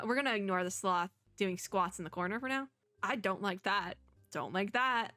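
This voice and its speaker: A young woman hosting a let's-play on a close desk mic at home, chatty, wry and quick to giggle. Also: medium pitch, bright, forceful tone, no room sound. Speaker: gaming channel host.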